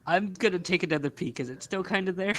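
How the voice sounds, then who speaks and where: A man's voice: sits high, quick pace, a bit bright. A man playing a tabletop game, thinking aloud in a hesitant way. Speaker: player.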